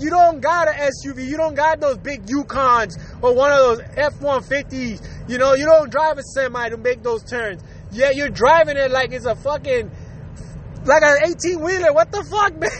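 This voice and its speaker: Very high-voiced man ranting with laughter. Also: moderate pace, a bit bright, a little hiss or hum. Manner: profane, laughing often while ranting. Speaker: podcast host. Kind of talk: casual comedic rant.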